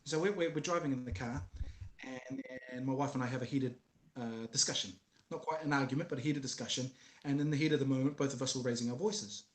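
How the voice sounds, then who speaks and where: A man's voice: medium pitch, quick pace, roomy sound. A man talking earnestly about fatherhood as a guest, telling stories from family life. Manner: earnest, storytelling, acts out voices of his kids. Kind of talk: casual conversation about fatherhood.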